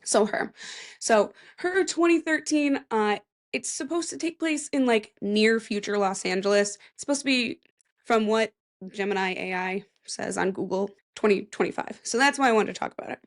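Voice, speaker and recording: A woman's voice: mid-range voice, normal speed. A young woman hosting a casual solo podcast, chatty and rambling, with self-mocking asides and a voice that cracks now and then. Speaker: podcast host.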